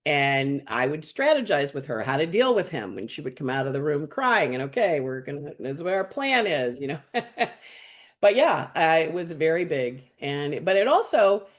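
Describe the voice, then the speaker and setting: A woman's voice: low voice, normal speed. A woman astrologer, a guest on the show, telling a story in loose conversation. She talks bluntly, swears without hesitation and acts out the lines of everyone she quotes. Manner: lively, blunt and chatty, acting out quoted dialogue and swearing freely.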